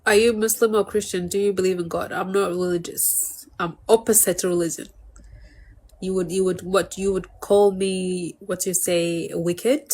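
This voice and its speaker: A woman's voice: lowish voice, steady tone, moderate pace, darkish tone, a little hiss or hum, rough recording. A woman delivering a defiant, rambling monologue, restarting phrases and breaking into laughter.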